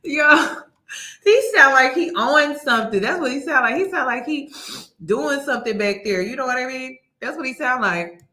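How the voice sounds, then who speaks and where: A woman's voice: high voice, lively intonation, moderate pace, pushed and bright, slight background noise. Incredulous woman host in an echoey room. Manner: incredulous, mocking, emphatic. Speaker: commentary host. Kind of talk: reaction commentary.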